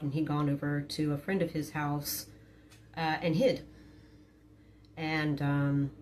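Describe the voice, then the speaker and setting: A woman's voice: sits low, darkish tone, a little hiss or hum. A middle-aged woman, frankly telling a personal story to her phone camera with many hesitant fillers. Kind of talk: candid storytime monologue.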